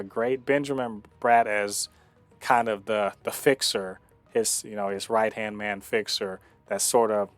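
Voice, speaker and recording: A man's voice: on the low side, dry recording. Enthusiastic male reviewer, stop-start delivery, faint music behind. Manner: halting, many fillers and restarts, enthusiastic. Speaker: show host reviewing a TV episode. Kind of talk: casual review monologue.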